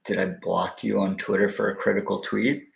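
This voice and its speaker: A man's voice: sits low, level tone, normal speed, gravelly, echoey room. A man hosting a live stream, answering viewers' questions in a blunt, profane, wisecracking way. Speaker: livestream host answering viewer questions on stocks. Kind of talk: casual live-stream chat.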